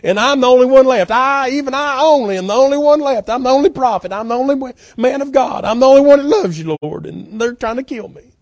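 A man's voice: very high-pitched, fast, hardly any pauses, no echo, voice pushed up. A man voicing a despairing, weary old male prophet who pleads and pities himself. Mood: self-pitying. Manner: self-pitying, pleading.

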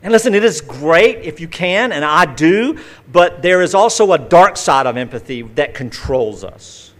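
A man's voice: on the high side, animated, normal speed, a bit bright. Folksy male preacher, conversational sermon. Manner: folksy storytelling with vivid acted-out asides. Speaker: pastor.

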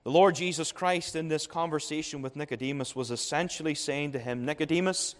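A man's voice: a little high, fairly quick, hardly any pauses, long reverb tail. A man preaching a sermon as pastor at a young adults' conference, emphatic, repeating key phrases and building up to each point. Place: church.

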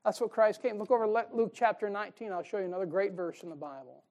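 Preaching in a homespun, forceful style, this man chuckles at his own humor and alternates between booming stresses and quiet asides. He speaks fast in a high-pitched voice.

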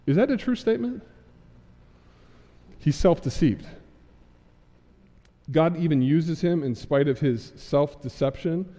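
A man's voice: on the high side, lively intonation, unhurried, pauses often, mellow, long reverb tail. A man preaching a sermon, acting out Bible figures in casual modern speech. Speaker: pastor. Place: church sanctuary.

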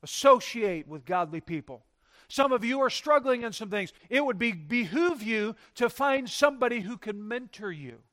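A pastor preaching a sermon in a church, swinging between emphatic, loud lines and quiet, dropped-off ones. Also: male voice, extremely high pitch, animated, moderate pace.

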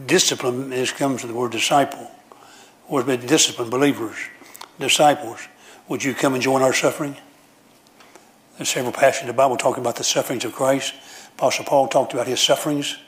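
A man's voice: mid-range voice, steady tone, fairly quick, a bit bright. A man preaching a sermon in a church, telling folksy stories with frequent restarts and repeated phrases.

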